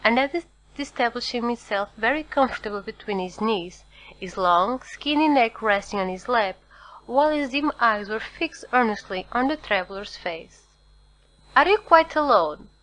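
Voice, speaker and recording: A woman reading a classic novel aloud as audiobook narrator, steady and formal. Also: a little high, normal speed, low-quality recording. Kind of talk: scripted narration.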